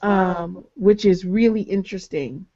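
A woman's voice: mid-range voice, unhurried, mellow, no room sound. A woman in her thirties chatting on a gaming podcast, full of ums and easy laughs. Her voice sits mid-range and sounds very dry and close. The call audio is a little dull and lo-fi. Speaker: podcast co-host. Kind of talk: casual chat.

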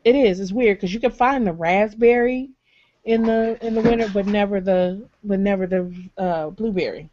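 A woman in her thirties co-hosting a casual gaming podcast, chatty and quick to laugh, with plenty of ums. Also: medium pitch, dark tone, slight background noise. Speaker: podcast co-host. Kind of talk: casual chat. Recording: slightly dull lo-fi call audio.

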